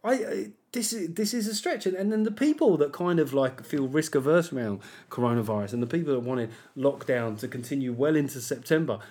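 A man's voice: a little high, brisk, few pauses, a little mellow. A man hosting a podcast alone, chatting casually in a rambling, jokey, self-deprecating way. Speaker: podcast host. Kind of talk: casual solo podcast chat.

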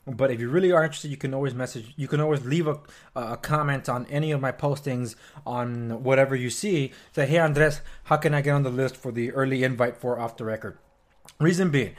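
A young man hosts his own news podcast in a loose, opinionated rant. His pitch jumps high when he gets worked up, and he throws in sarcastic asides. The delivery is casual and unscripted, with frequent fillers. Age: young adult. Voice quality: chewing while talking at times. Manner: animated, ranting, sarcastic asides with mock quotes. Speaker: podcast host.

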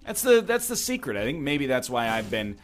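A man's voice: mid-range voice, big pitch swings, a little fast, soft background music. A man giving rambling, jokey commentary while playing a video game, full of wry asides. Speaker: gameplay commentator. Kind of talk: gameplay commentary with rambling jokes.

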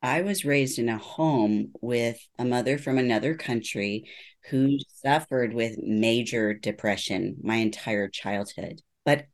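A middle-aged woman who works as a neuropsychologist gives earnest personal testimony in an interview. Her voice rumbles low and moves a little slowly, and she acts out quoted voices as she tells her story.

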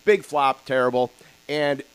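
A man's voice: mid-range voice, measured pace, clean tone, no echo. A man hosting a podcast, telling a story casually with lots of fillers. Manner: rambling, animated storyteller with filler words. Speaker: podcast host.

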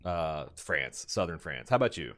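A young man with a fairly low voice co-hosts a casual podcast, rambling from one thought to the next. He jokes around, sometimes swearing, in an easygoing chat. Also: very animated, normal speed, a bit bright. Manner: rambling, joking, drifts into goofy put-on voices. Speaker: podcast co-host.

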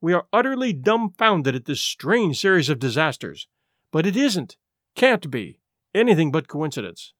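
A man playing a young aristocrat in his twenties, nervous and impulsive, trying to sound firm in an audiobook. The delivery is tense and insistent, with plenty of pitch movement. The recording is dry and close. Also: big pitch swings, normal speed, a bit bright, no room sound. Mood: strained. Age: 20s.

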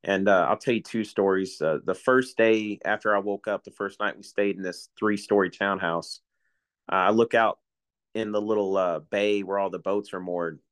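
A man's voice: fairly low pitch, fairly even intonation, normal speed, clean tone. A man in his forties, a retiring coast guard officer, telling folksy stories in a casual chat and chuckling often.

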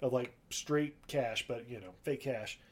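A man's voice: mid-range voice, measured pace, breathy edge. A man casually recapping a movie plot in a rambling, profane way, acting out the characters in raised voices. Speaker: podcast co-host.

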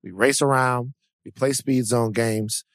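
A man co-hosting a podcast in casual chat, animated and blunt, swearing freely, with frequent restarts and stammers. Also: mid-range voice, unhurried, dry recording, studio quality. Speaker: podcast co-host.

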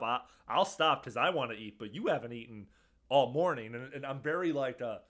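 A man's voice: medium pitch, expressive, fast, fairly bright tone. A man co-hosting a podcast in casual chat, chatty, laughing often and swearing casually. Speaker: podcast co-host.

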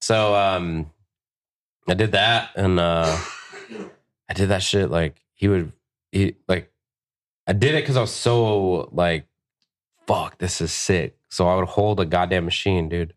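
A young man with a deep, low-pitched voice tells a profanity-heavy story in a relaxed podcast chat. He slips into the voices of the people in the story as he quotes them. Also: a little slow, long pauses. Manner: profane, animated storyteller who acts out quotes. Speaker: guest tattoo artist.

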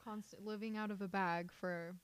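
Chatty woman co-host with a smooth voice. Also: medium pitch, fairly even intonation, moderate pace, no room sound. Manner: chatty, uses "like" a lot. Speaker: podcast co-host. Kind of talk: casual chat.

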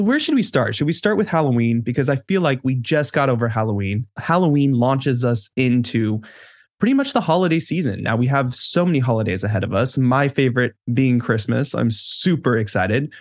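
A man co-hosting a podcast in an easy, chatty way, upbeat and quick to laugh. His voice is of middling pitch and sounds dry and close, with no room around it. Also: animated, no room sound. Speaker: co-host. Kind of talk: casual podcast chat.

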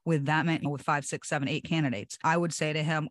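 A confident political commentator in a casual panel chat, brisk and strategic. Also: medium pitch, steady tone, fairly bright tone, no room sound, studio quality.

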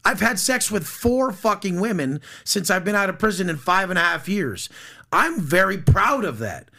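A podcast guest, this man talks bluntly and boastfully, swearing freely. His voice is gravelly and sharp, and his pitch swings widely as he pushes his points. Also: very animated, normal speed. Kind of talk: casual podcast conversation.

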